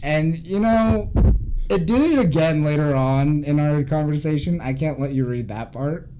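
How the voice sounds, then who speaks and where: A man's voice: on the high side, moderate pace. A man co-hosting a casual group podcast, laughing often and restarting his sentences as he rambles. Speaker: podcast co-host. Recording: noisy home podcast recording.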